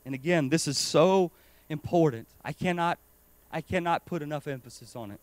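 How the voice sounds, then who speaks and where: A man preaching a sermon with urgent emphasis, swinging between loud stresses and quiet asides. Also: on the high side, normal speed, no echo. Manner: urgent and emphatic, rising and falling in loudness.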